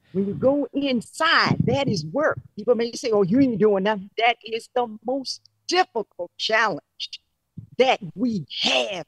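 Slow husky-voiced female caller. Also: fairly high pitch, no echo, low-quality recording. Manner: slow, thoughtful, halting. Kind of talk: reflective call-in talk.

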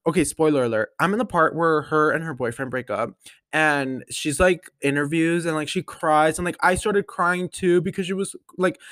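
A nineteen-year-old man hosting his own podcast, chatting casually in a gushing way with lots of fillers and sudden excited jumps in pitch. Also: no echo. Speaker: solo podcast host. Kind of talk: casual chat.

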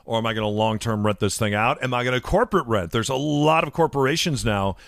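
A man's voice: mid-range voice, fast, creaky, no room sound, clean studio sound. A man co-hosting a casual podcast, a realtor telling stories in an earnest, openly sentimental way. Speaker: realtor and co-host.

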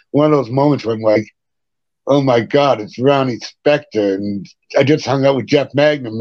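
A middle-aged man, a punk rock singer, telling stories as a podcast guest in a casual, animated way, swearing and laughing between anecdotes. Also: mid-range voice, no room sound. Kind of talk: casual interview storytelling. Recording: dry, dull lo-fi sound.

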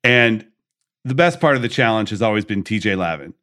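A man hosts a podcast, chatting casually and launching into animated rants full of playful mock outrage and acted-out quotes. His voice is fairly low, and he speaks a little fast.

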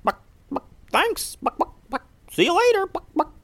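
Chickens chattering in high, squeaky clucks, eager and friendly, as a man puts them on. The voice jumps way up and pops out loud, breaking into little buck-buck noises between words. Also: sing-song, normal speed, heavily acted. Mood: chirpy. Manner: high-pitched, chirpy.

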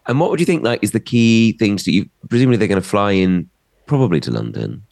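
A man's voice: lowish voice, big pitch swings, quick pace, vocal fry, a little mellow. A middle-aged man, a comedian co-hosting a podcast, chatting in a playful, gossipy way. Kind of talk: casual chat.

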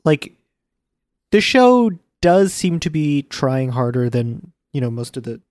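A man co-hosting a casual podcast chat, hesitant and halting, restarting his sentences. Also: on the high side, big pitch swings, darkish tone, dry recording, studio quality. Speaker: podcast co-host. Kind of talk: casual chat about an anime.

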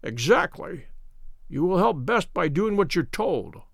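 A man voicing a gaunt, feverish sick detective who speaks in a feeble, croaking voice with sharp, imperious commands. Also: sits high, big pitch swings, unhurried, dry recording, clean studio sound, heavily acted.

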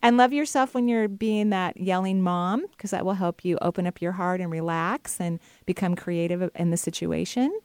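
A woman's voice: fairly low pitch, moderate pace, hardly any pauses, smooth, no room sound. A woman hosting an advice show, talking casually to callers and laughing often. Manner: warm, chatty, laughs often. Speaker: intuitive advice show host.

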